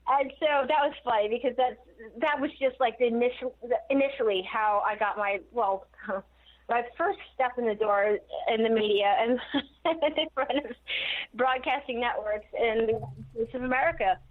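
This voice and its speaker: A woman guest telling stories in a casual interview, animated and laughing often. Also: a little high, normal speed. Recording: tinny phone line.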